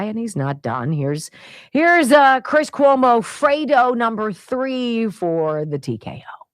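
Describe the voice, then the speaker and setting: A woman hosting a talk radio show, delivering an indignant, animated opinion monologue into a studio microphone. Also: on the high side, slow, no echo.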